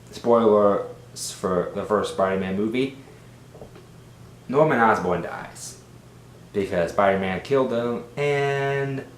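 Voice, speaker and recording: Animated man reviewing a movie, roomy sound. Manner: animated, exasperated, rambling. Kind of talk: casual film review. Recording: roomy with faint rumble.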